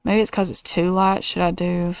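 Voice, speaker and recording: A woman's voice: fairly low pitch, little pitch movement, moderate pace, clean tone, no room sound, clean studio sound. A woman hosting a casual let's play, thinking aloud and weighing choices as she builds. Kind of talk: casual gameplay commentary.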